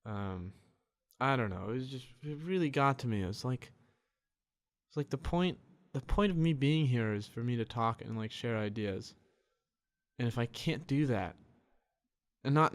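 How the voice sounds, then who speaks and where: Alone on his podcast, a young man with a mid-range voice mutters quietly, as he tends to, in a dark room. He rambles with frustration and profanity, restarting again and again.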